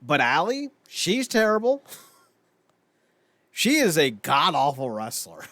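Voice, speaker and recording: A young man co-hosting a podcast, chatting casually and excitably, rambling with lots of fillers and frequent laughs. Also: fairly high pitch, takes it slowly, no room sound. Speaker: podcast co-host. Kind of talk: casual wrestling chat.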